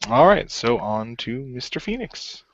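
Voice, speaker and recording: A man's voice: mid-range voice, big pitch swings, measured pace, a little hiss or hum. A man hosting a casual wrestling chat, moving things along hesitantly with many fillers. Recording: dull dry lo-fi audio.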